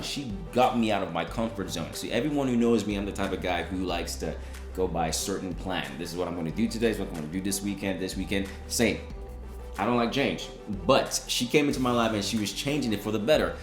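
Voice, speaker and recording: A man's voice: sits low, fast, roomy sound, over music. A young man co-hosting a couple's vlog, chatting casually and playfully. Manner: playful, laughs often. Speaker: vlog co-host. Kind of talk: casual chat.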